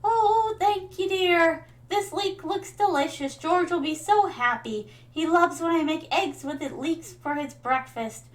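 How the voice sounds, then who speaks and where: A woman voicing a sweet, doting old grandmother villager in a video game, speaking gently and slowly. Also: very high-pitched, pitched above the performer's own voice. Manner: gentle, slow and sugary, calls people dear.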